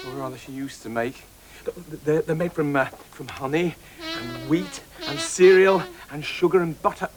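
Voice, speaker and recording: A man's voice: on the high side, poor audio. A man hosting a children's comedy, chatting and coaxing his puppet friends. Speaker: host and puppeteer.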